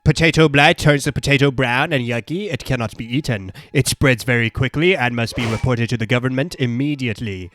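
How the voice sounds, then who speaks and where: Deadpan man with a dry, close voice. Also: medium pitch, no echo. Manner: deadpan, mock-serious. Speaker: comedy video narrator. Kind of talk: deadpan comedic voice-over.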